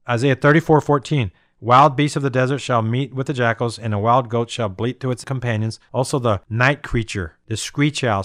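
A man's voice: medium pitch, a bit bright. A man teaching on Bible prophecy, reading scripture and asking his listeners rhetorical questions in an emphatic style. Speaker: preacher.

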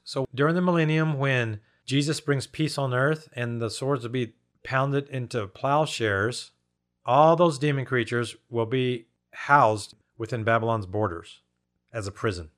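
A man's voice: mid-range voice, a bit bright. Emphatic male preacher asking questions. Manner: emphatic, asks rhetorical questions, addresses listeners as folks. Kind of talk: bible prophecy teaching.

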